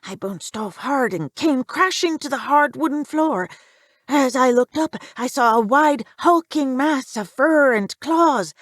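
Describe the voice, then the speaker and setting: Woman with a bright, dry narrating voice. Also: high-pitched, lively intonation, measured pace, dry recording. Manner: tense, emphatic first-person storytelling. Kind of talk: dramatic horror story reading.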